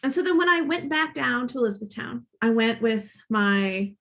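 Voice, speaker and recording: A woman's voice: on the high side, lively intonation, normal speed, vocal fry, a bit bright. A woman in her thirties from Northern Kentucky with a Midwestern accent touched by Boston, speaking as a guest author in a casual, reflective way and thinking aloud. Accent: Midwestern with a slight Boston inflection. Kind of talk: casual conversational talk at a library author event.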